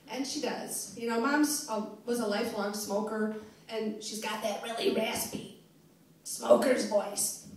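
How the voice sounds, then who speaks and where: A middle-aged woman doing a brash stand-up set in a comedy club, laughing at her own jokes. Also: a little high. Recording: roomy club sound from a distance.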